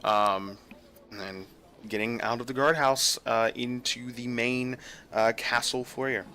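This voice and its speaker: Bright-voiced man narrating as game master. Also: medium pitch, fairly even intonation, slow pace, a little hiss or hum. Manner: descriptive, with many fillers.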